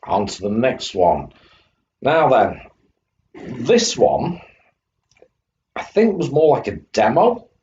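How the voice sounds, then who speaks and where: A man's voice: mid-range voice, wildly swooping pitch, slow pace, long pauses, a little mellow. A man live-streaming retro computer games, chatting to viewers and fighting off a coughing fit. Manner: chatty, greets chat viewers by name. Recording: dull lo-fi stream audio with faint hum.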